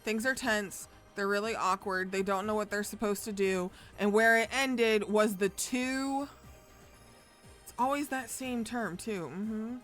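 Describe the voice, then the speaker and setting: A woman's voice: mid-range voice, unhurried, fairly bright tone, faint music behind. A woman streamer casually recapping a story, chatty and rambling, swearing freely as she goes. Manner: profane, chatty, rambling with fillers.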